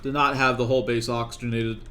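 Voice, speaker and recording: A man's voice: medium pitch, level tone, quick pace, sharp tone, a little hiss or hum. A young man streaming a colony game, talking to his characters in a coaxing, exasperated way. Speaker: gaming streamer. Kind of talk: live gameplay commentary.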